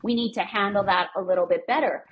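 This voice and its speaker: A woman, speaking as a podcast guest in candid, animated storytelling and swearing freely. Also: mid-range voice, fast talker, lo-fi sound, slight background noise.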